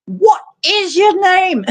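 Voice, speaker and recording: A woman doing a shrill, shouting bridge keeper. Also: big pitch swings, slow, full character voice. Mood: mock-stern. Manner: booming, theatrical questioning. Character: shouting male bridge keeper quizzing travelers.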